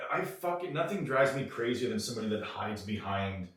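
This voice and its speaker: A man's voice: lowish voice, big pitch swings, brisk, a bit bright, very echoey, distant mic. A man co-hosting a podcast in casual chat, profane and sarcastic, often mocking people in put-on voices. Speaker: podcast co-host.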